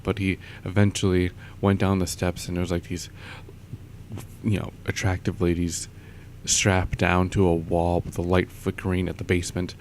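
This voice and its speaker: A man's voice: deep voice, completely flat delivery, normal speed, slight background noise. A young man vlogging, telling a rambling story in a casual way with lots of fillers and frequent chuckles.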